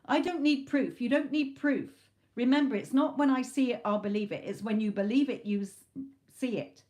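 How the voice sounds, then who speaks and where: A woman's voice: fairly high pitch, normal speed, a little mellow. Chatty woman giving a tarot talk. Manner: chatty, emphatic, swears casually. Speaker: tarot reader. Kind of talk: live-stream spiritual talk.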